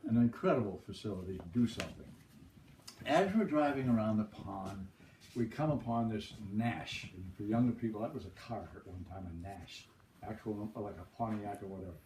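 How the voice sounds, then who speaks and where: An older man from the Boston area spins rambling, folksy stories and keeps chuckling along the way. His voice comes from a distance, caught by a camera mic across a room. The room is echoey and has steady background noise behind him. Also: lowish voice, moderate pace. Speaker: storyteller. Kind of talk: casual anecdote telling.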